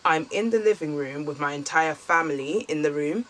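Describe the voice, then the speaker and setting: A woman's voice: low-pitched, moderate pace, fairly bright tone. Young woman chatting thru a storytime vlog, candid, lots of ums. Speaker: vlogger.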